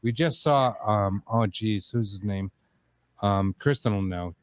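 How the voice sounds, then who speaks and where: A man's voice: fairly low pitch, unhurried, smooth, dry recording. A man with a New England accent hosting a podcast, talking in an easygoing, rambling way. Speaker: host. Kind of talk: casual podcast chat.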